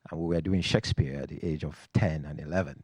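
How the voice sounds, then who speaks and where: A man from Nigeria with a Nigerian accent, telling a personal story on stage to a live audience in a reflective, wry way with dramatic pauses. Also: a bass voice, a little mellow, breathy edge, dry recording.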